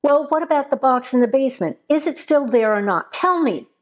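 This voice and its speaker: A woman's voice: high voice, expressive, brisk, pitched above the performer's own voice. A woman voicing a volatile, angry young man on the run, swearing and snarling as he makes demands. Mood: furious.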